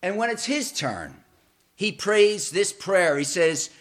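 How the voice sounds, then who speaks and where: High-voiced man preaching with dramatic swells. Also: sing-song, slow, fairly bright tone. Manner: dramatic and emphatic, with swells and drops in volume; repeats words while building momentum. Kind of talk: sermon.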